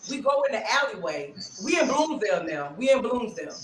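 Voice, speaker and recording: Animated woman storyteller in an echoey room. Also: fairly high pitch, brisk, slight background noise. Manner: dramatic, acts out each person in the story. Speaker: podcast co-host. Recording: roomy echo.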